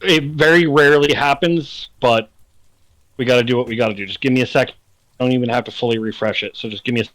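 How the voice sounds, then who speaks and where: A man at a home mic is running a tabletop game as dungeon master. He lays out each scene slowly and deliberately, at a steady middle pitch. The room sound is close and dry. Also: no room sound, poor audio. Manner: slow, deliberate scene description.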